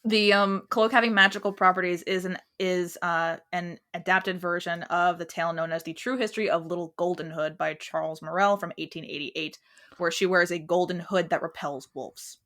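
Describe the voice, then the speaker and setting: A woman's voice: lowish voice, fairly even intonation, normal speed, fairly bright tone. A woman co-hosting a casual TV recap podcast, explaining show lore in a chatty way with plenty of fillers. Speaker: podcast co-host.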